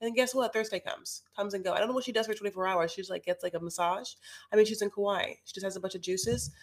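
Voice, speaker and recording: Talking fast in a mid-range voice, this podcast co-host gossips her way through a casual recap chat, leaning on plenty of fillers.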